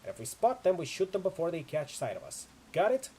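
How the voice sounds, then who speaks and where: A man's voice: a little high, animated, fast, a little mellow, slightly rough, rough recording. A man voicing a tough female mercenary leader in a video game, giving clipped, urgent orders. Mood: urgent, commanding.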